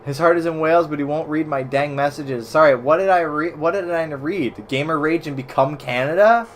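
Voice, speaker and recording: A man's voice: a little high, a little fast, a little hiss or hum. Chatty American man streaming games. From United States. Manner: chatty, swears casually, reacts loudly to the game. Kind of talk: casual gaming commentary.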